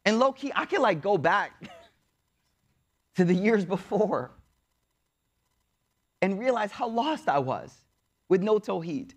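A man preaching a story sermon in a casual, slangy way, moving between hushed, soft passages and excited bursts. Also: high voice. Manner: casual slangy preaching, recites Arabic verses quickly.

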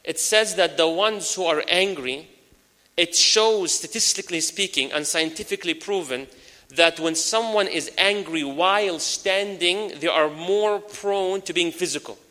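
A man preaching a lively sermon to an audience, mixing in Arabic phrases and addressing the crowd directly. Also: high voice, measured pace. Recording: long hall reverb.

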